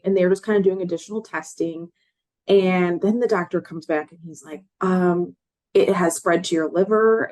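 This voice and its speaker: A woman in her late twenties from Chicago, USA, with a lowish, slightly mellow voice, earnestly tells her own story as a guest in an interview. She acts out what other people said, using quoted voices.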